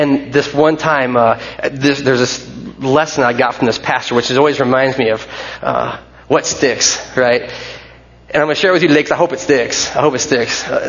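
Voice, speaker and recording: A man's voice: medium pitch, muffled recording. Man preaching a casual, rambling sermon. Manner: conversational, rambling with restarts and fillers. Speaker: pastor. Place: church sanctuary.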